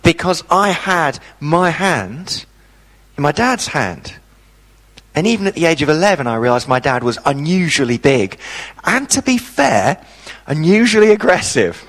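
A man preaching a sermon, telling a personal story with dramatic pauses. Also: fairly high pitch, very animated, a bit bright, big-room sound.

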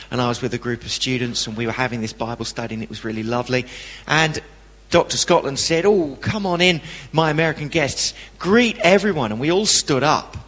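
A man giving a testimony sermon, telling a personal story with lively delivery and acting out the people he quotes. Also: mid-range voice, big-room sound.

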